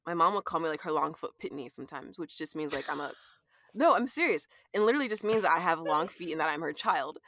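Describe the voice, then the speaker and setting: A woman guest on a podcast telling animated stories, swearing and filling with "like". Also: low voice, quick pace, few pauses, slight background noise. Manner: animated storyteller, swears, many "like"s. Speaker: guest artist. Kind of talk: casual podcast chat.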